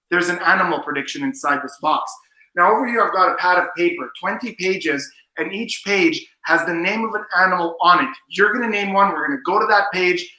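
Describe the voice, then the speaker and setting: A man's voice: sits high, bright, forceful tone, roomy sound, rough recording. A man performing as a mentalist, showy and teasing, talking straight to the audience. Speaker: mentalist guest. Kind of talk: magic performance patter.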